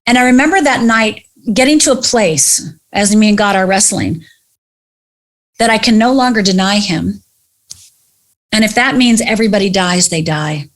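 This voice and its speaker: A woman's voice: medium pitch, moderate pace, pauses often. A woman, a podcast guest, telling her personal story candidly and animatedly, acting out the voices of other people in it. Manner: animated, acts out dialogue in quoted voices.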